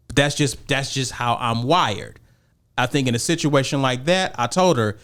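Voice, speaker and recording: Fairly high, sing-song and a bit bright, this unhurried voice belongs to a middle-aged married podcast co-host. In a casual debate he argues emphatically and performs quoted dialogue.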